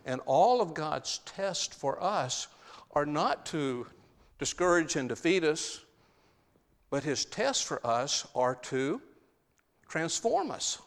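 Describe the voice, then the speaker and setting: A man's voice: on the high side, long reverb tail. A man preaching a sermon, stressing key phrases by repeating them.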